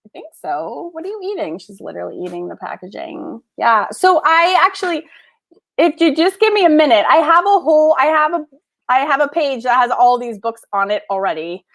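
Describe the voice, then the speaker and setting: A woman's voice: high-pitched, expressive, brisk, fairly bright tone. A woman hosting a casual livestream, unboxing art books and gushing with gasps and laughs. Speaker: art school host.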